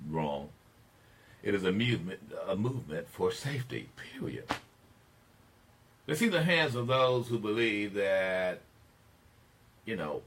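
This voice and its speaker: An older man with a very low voice hosting a call-in talk radio show. He delivers his opinions like a preacher, building emphatic swells that climb toward shouting on the points he cares about. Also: big pitch swings, unhurried, long pauses, slight background noise.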